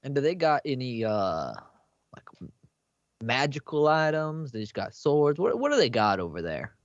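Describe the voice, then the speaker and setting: A man's voice: mid-range voice, sing-song, normal speed, dry recording. A man playing his character at a tabletop game, blunt and menacing. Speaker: player. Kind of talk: tabletop role-play. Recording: dull lo-fi stream audio.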